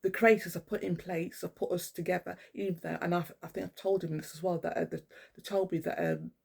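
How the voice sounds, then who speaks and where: Middle-aged woman, gravelly and husky, rambling spiritual vlogger who swears freely. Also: on the low side, fairly even intonation, a little fast, darkish tone. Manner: rambling, swears often, many fillers and restarts. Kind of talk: casual rambling monologue. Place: at home indoors with a cat.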